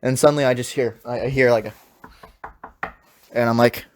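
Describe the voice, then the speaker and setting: A man's voice: mid-range voice, fairly even intonation, fast talker, darkish tone, a little hiss or hum. A young man, a podcast co-host, telling a long story in casual chat, rambling and swearing a lot.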